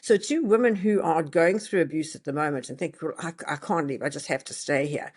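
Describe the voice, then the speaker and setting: A woman's voice: low-pitched, a little fast, darkish tone, husky. Encouraging South African woman host. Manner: encouraging, prompting questions. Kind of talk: interview.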